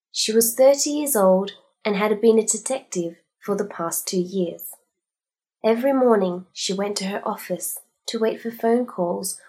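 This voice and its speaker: A woman reading a short story aloud in a slow, deliberate way. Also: mid-range voice, a little mellow, husky. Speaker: storybook reader. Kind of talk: scripted story narration.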